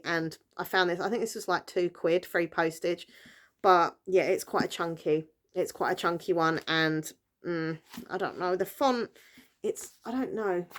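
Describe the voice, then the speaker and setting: A woman's voice: lowish voice, normal speed, a bit bright. A British woman chatting casually on her vlog, rambling along with lots of fillers and self-corrections. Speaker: book vlogger. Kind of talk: casual chat.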